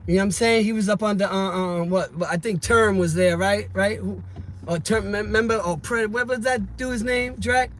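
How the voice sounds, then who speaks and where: A man telling a rambling, slangy street story that grows loud and heated. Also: high voice, steady tone, normal speed. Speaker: vlogger telling stories. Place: car and street in the city. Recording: loud traffic and street noise.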